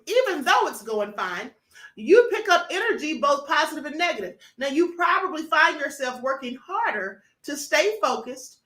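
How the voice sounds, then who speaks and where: On a livestream for members, a woman with a high-pitched, sharp voice chats casually as host. She welcomes viewers by name, addresses them as honey and beloved, and the audio is reverberant.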